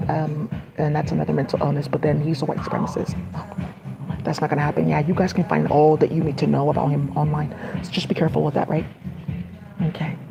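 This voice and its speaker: A woman with a gravelly, creaky voice talks straight to her audience in a loose, rambling vlog. She wanders from point to point, padding her talk with fillers and sudden asides. A steady wash of noise sits behind her. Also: sits low. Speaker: vlogger. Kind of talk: casual rambling monologue to camera. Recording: noisy background ambience.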